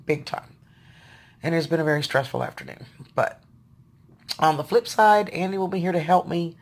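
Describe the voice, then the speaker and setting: A woman's voice: low voice, normal speed. A woman, venting to her viewers in a casual video diary, sounding tired and frustrated. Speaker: vlogger.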